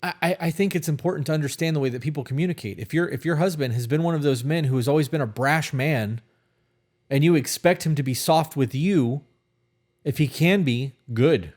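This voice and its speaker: A man's voice: on the high side, a little fast, darkish tone. Blunt, foul-mouthed podcast man. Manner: blunt, heavy swearing, emphatic. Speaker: podcast co-host. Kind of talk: casual podcast chat.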